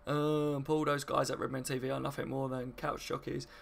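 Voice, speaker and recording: A man's voice: mid-range voice, flat delivery, moderate pace, vocal fry. A man, hosting a live football stream and chatting matily with viewers as he reads the chat. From Kent, England. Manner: chatty and matey, laughs often, calls viewers mate. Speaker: football channel host. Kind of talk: live stream chat reading and match reaction.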